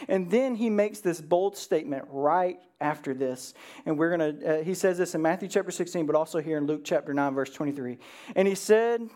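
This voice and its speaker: A pastor preaching in a relaxed, conversational way, with a voice that sits in a middle register. The delivery is earnest and direct. Questions like "right?" come again and again, and the speaker slips briefly into the voices of Bible figures. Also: mid-range voice, brisk. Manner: earnest, keeps asking "right?" and acts out the Bible figures' lines. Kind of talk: conversational sermon.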